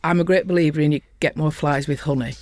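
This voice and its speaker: A middle-aged woman with a softened Lancashire accent, talking bluntly and earthily as a guest in a casual interview. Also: low voice, fairly even intonation, quick pace, dry recording. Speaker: podcast guest, construction safety professional.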